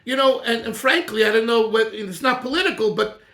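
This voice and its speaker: Animated middle-aged rabbi in an echoey room. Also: male voice, very high voice, fairly quick. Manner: animated and digressive, chuckling often. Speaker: rabbi teaching a class. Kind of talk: informal Torah class.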